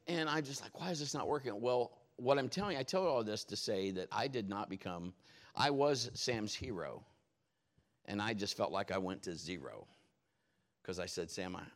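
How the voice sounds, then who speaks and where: A man preaching a sermon, telling stories in a jokey, animated way. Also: on the low side.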